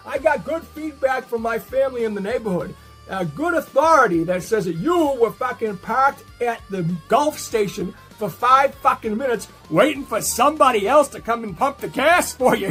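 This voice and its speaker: High-pitched guy trash talking for a wrestling promo, super crude and mocking, recorded in a car. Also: lively intonation, normal speed, fairly bright tone, breathy edge, faint music behind. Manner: brash, profane and mocking. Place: in a car while driving.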